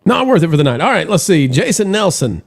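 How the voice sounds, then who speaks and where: Animated man hosting a live show. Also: sits high, quick pace, gravelly. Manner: rambling, full of fillers and restarts; reads viewer messages aloud. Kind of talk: casual live-stream chat.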